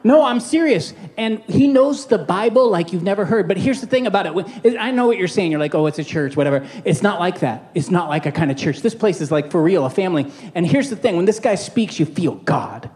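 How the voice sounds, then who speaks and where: A man preaching as a pastor in a casual, joking sermon style, with quick asides and call-outs to the congregation. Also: high voice, animated, darkish tone.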